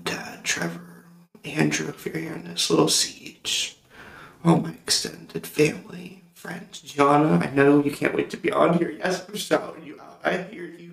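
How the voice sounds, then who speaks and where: A young man hosting his own podcast, giving an emotional, heartfelt monologue with halting pauses and restarts. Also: on the high side, gravelly. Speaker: podcast host. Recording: roomy echo.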